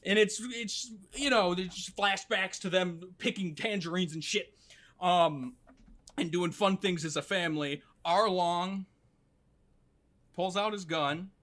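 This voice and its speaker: A young man with a high, bright voice tells an anime plot as a casual podcast recap. He is animated and briefly mimics the characters as he goes. His storytelling is loose and full of swearing. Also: slow pace.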